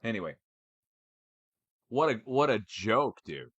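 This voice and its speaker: A man giving a casual, animated ranting update for his channel, swearing as he goes. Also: medium pitch, slow pace, slightly rough, dry recording, dull audio. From United States. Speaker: channel host.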